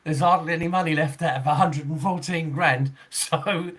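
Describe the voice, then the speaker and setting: A man's voice: a little high, fairly even intonation, moderate pace, a bit bright, a little hiss or hum. A man in his sixties, a football referee hosting a podcast, chatting casually in a rambling way, chuckling often and restarting his sentences. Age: 60s.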